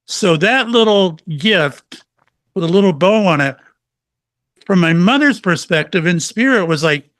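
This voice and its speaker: In a relaxed interview, a middle-aged psychic medium shares stories with animation, performing the quoted lines himself. He has a high voice, speaks a little slowly, and the recording is dry.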